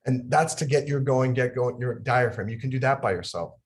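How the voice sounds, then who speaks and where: A man's voice: medium pitch, brisk. A young adult man from New York leads laughter yoga on a video call. He talks with bubbling energy, laughs through his sentences and chants ha-ha to get people going. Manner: animated, laughs through his words, bursts into loud ha-ha chanting. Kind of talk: energetic instructional talk.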